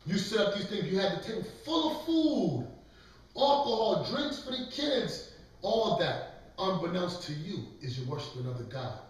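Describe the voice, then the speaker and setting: A man's voice: high-pitched, very animated, moderate pace. Emphatic preaching man, echoey room. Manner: emphatic, lecturing, calls for readings. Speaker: preacher leading a scripture class. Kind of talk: preaching sermon. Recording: echoey room, mic far off.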